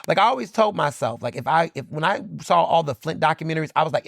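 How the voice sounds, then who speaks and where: This podcast host from Philadelphia talks fast and animatedly, his slightly high, creaky, fairly bright voice leaving few pauses. Alone on the mic, he rants passionately, repeating points for emphasis, cursing and leaning on "like." The recording is studio-grade with no echo.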